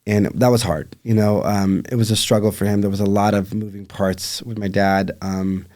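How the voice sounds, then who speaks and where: A man, a podcast guest and life coach, earnestly recounting a hard personal loss with reflective pauses. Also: on the low side, fairly even intonation, a little mellow. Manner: earnest, reflective, many fillers. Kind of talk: emotional personal storytelling.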